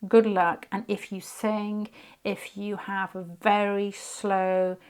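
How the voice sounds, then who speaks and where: A woman in her fifties with a British accent, giving a casual, rambling tarot reading to camera, with side stories and quiet muttered asides. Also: mid-range voice, level tone, slow, smooth. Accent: British English. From United Kingdom. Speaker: tarot reader.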